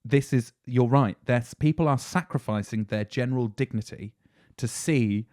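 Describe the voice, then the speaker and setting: A man's voice: medium pitch, normal speed, a little mellow, dry recording, clean studio sound. A man hosting a podcast, telling news stories in a casual, laughing, self-deprecating way. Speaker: podcast host.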